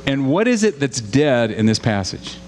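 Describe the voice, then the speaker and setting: A man's voice: medium pitch, big pitch swings, moderate pace, a little mellow. A man from Louisiana preaching a sermon, earnest and questioning the congregation, building to emphatic repetition. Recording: long hall reverb with faint hum.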